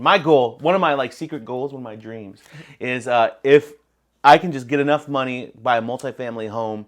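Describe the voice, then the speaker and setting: A talkative man from Texas whose accent has flattened into neutral American speech. He chats easily as a podcast guest, his voice sitting at an ordinary middle pitch. He is animated and restarts his sentences often, as relaxed conversation goes. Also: brisk. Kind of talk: casual interview chat.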